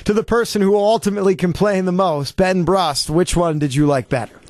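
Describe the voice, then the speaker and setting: A man's voice: high-pitched, steady tone, a little fast, a little mellow, dry recording. A man hosting sports talk radio, teasing his co-hosts and rattling off promos and phone numbers.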